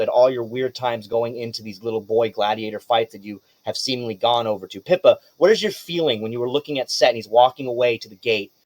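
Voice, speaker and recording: A man's voice: mid-range voice, no room sound. Male GM, casual profane narration, dry close sound. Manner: loose, swearing, animated narration. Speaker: game master. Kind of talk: narrating a tabletop game.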